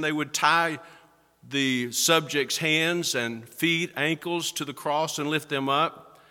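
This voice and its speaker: A male pastor preaching a sermon, slowing down and building up to stress key words. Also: a little high, bright, forceful tone. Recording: echoey hall with long reverb.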